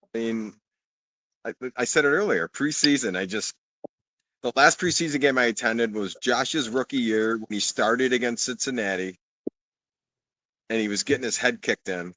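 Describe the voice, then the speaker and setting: A man's voice: medium pitch, normal speed, pauses often, sharp tone, no room sound. Rambling man on a video call. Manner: rambling, trailing off mid-sentence. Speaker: guest. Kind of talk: casual chat.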